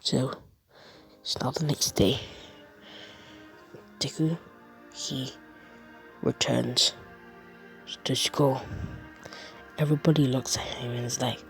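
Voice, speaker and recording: A man's voice: mid-range voice, steady tone, measured pace, creaky, pauses often, soft background music, low-quality recording. A man improvising a fan story as a storyteller, rambling and often dropping to a whisper. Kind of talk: improvised fan-fiction narration.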